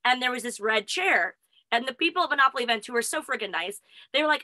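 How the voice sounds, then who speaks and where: A woman's voice: high voice, expressive, fast, bright, forceful tone, dry recording, low-quality recording. A woman co-hosting a casual chat, telling stories with little laughs between phrases. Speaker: co-host.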